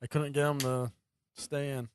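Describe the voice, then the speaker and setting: A man's voice: mid-range voice, flat delivery, moderate pace, slight background noise. Chatty man telling stories. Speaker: podcast co-host. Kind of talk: casual beer-tasting chat.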